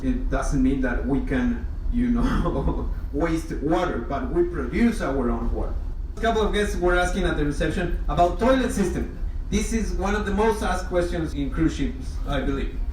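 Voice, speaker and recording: Guy doing a ship welcome talk, higher voice, jokey, echoey room from far off. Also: slight background noise. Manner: chatty, joking. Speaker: ship hotel manager. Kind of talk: welcome briefing to guests.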